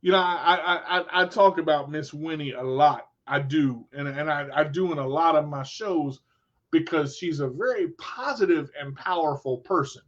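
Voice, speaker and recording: Brief: high-pitched male host, unhurried, preachy motivational talk, lo-fi stream sound. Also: fairly bright tone. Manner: preachy, repeats himself, addresses viewers as y'all. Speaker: show host.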